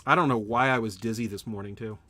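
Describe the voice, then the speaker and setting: A man's voice: fairly low pitch, fast, bright, forceful tone, a little hiss or hum. A man thinking aloud while streaming a game at home, answering chat and often correcting himself. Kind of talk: live gameplay commentary, answering chat.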